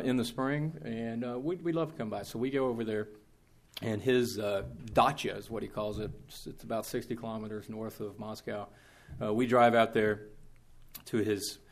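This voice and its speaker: Animated man telling a story. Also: lowish voice. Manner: animated, conversational, with frequent restarts and acted-out quotes. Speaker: speaker recounting diplomatic experiences. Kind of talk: anecdotal storytelling to a live audience.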